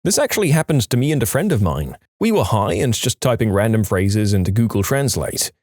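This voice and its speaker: A man reading storytime posts aloud in a scripted narration, lively and expressive. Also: lowish voice, brisk, no room sound, studio quality.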